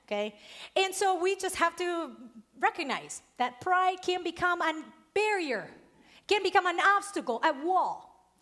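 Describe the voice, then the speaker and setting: A woman preacher with an accent, giving a sermon and telling a personal story in a lively way with frequent laughs. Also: very high-pitched, unhurried. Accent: non-native accent. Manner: lively storytelling, laughs often, stresses key words.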